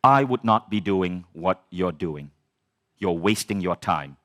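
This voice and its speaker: A man imitating an older male mentor with a very deep voice, slow and solemn in his pronouncements. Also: expressive, a bit bright, dry recording, studio quality, exaggerated voice. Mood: grave.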